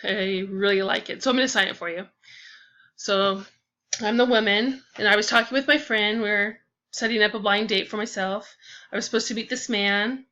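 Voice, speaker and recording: Woman storyteller, bright and expressive, casual delivery, lo-fi audio. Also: medium pitch, normal speed. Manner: expressive, acts out dialogue with sighs and gasps.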